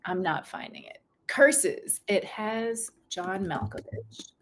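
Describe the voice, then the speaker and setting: A middle-aged American woman in casual conversation as a guest author, chatty and quick to laugh, often breaking off and restarting. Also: medium pitch, big pitch swings, a little hiss or hum. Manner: chatty, laughing, self-interrupting.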